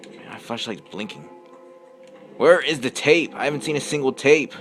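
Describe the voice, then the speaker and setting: Over music, a young man with a medium-pitched voice at normal speed narrates his horror gameplay, jumpy enough to yelp and scream at scares and mutter to himself between them.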